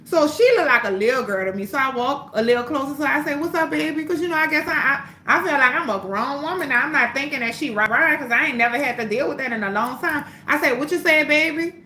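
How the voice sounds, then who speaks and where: A woman on a livestream telling a story in a casual, animated way, full of swearing, her voice swinging between loud and hushed. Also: high voice, quick pace, hardly any pauses. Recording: roomy echo, faint background hum.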